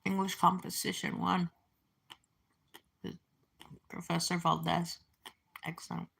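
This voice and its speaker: A woman's voice: lowish voice, level tone, slow pace, creaky, fairly bright tone, slight background noise. A woman in her forties talking to camera in a casual, meandering way, reminiscing with many fillers and restarts. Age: 40s. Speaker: vlogger. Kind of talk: casual rambling monologue.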